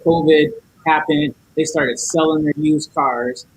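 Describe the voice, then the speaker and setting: A man's voice: fairly high pitch, fairly even intonation, a little slow, slight background noise, poor audio. A man guest on a podcast, telling a story in casual chat, acting out each side of the dialogue and cursing a lot.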